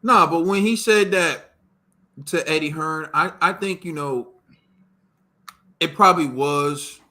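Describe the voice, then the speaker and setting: A man's voice: a little high, takes it slowly, bright, forceful tone. A man from the United States hosting a boxing podcast, chatting casually and teasingly in slang. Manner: slangy, teasing, says yo and bro. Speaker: podcast host. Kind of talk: casual chat.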